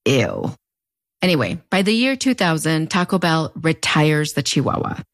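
This host, a woman of thirty to forty-something with a Mexican fronterizo accent, narrates her video essay commentary with wry, conversational humor and playful side remarks. Her low voice is animated and at normal speed, captured dry with clean studio sound.

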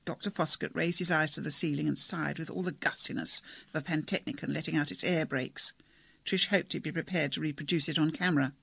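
Male audiobook narrator, measured and wry, gravelly and husky. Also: fairly high pitch, fairly even intonation, bright, forceful tone, no echo. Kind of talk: scripted narration.

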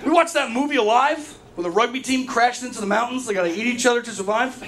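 A man's voice: very high voice, fast talker, a crowd in the background. A young man doing a brash, profane stand-up routine full of stories. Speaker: stand-up comedian.

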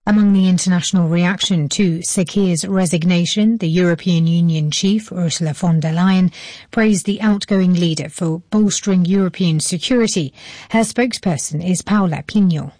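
A woman reading a news bulletin in a steady, formal newsreading manner. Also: on the low side, moderate pace, no echo.

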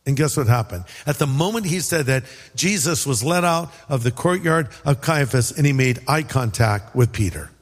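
A man's voice: medium pitch, expressive, moderate pace, few pauses, big-room sound. A man from California preaching a sermon in a conversational way, acting out quotes and adding asides. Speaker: pastor.

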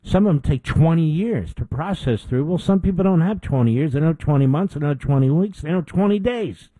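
A man's voice: a little high, expressive, a little fast, mellow, dry recording, rough recording. A middle-aged man hosting a political talk show, delivering an indignant opinion monologue with emphatic repetition.

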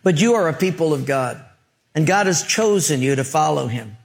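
A man's voice: on the high side, moderate pace, creaky. A man preaching a sermon, telling jokes and stories with acted-out voices. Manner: comic, animated storytelling with acted voices. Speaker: pastor.

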